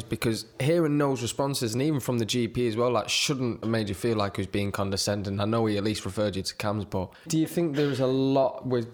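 A man hosting an interview, asking questions with frequent restarts and hesitations. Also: medium pitch.

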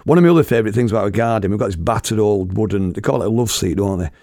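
A chatty storyteller with a low, gravelly voice, rambling from one tale to the next. The recording is dry and close, with hardly any room sound. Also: male voice, racing, warm tone, no echo. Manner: rambling, chatty, laughs at his own tales. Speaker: storyteller and former radio host. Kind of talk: casual anecdotal storytelling.

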